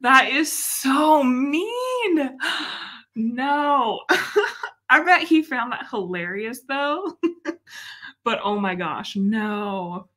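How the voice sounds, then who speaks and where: Chatty young woman host, bright, fairly high voice, expressive and quick to laugh. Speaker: livestream host. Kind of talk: casual live-stream chat.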